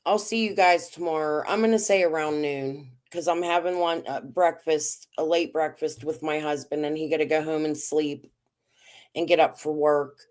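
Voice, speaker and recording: A woman's voice: low voice, fairly even intonation, normal speed, darkish tone. A woman streamer giving blunt, angry commentary and swearing freely. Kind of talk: livestream commentary.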